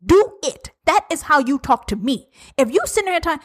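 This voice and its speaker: A woman around forty hosting a solo podcast, blunt and profane, ranting at her listeners and swinging between loud and hushed. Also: high voice, very animated, normal speed. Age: 40s. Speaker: podcast host. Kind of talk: uncensored solo podcast rant.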